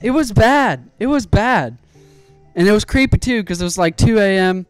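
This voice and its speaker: A young man streaming while he builds a PC, telling an animated story with plenty of swearing. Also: sits high, normal speed, smooth, dry recording, soft background music.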